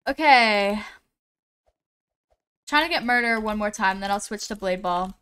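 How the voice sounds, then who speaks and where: A woman live-streaming a game, reading names from the chat and greeting viewers one by one, often pausing on how to say them. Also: medium pitch, expressive, a bit bright, smooth. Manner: slow, unhurried delivery with frequent "um"s.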